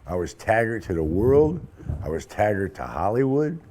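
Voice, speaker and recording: An older man, an actor, telling animated, profane anecdotes in an interview and acting out the quotes. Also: lowish voice, normal speed, background noise.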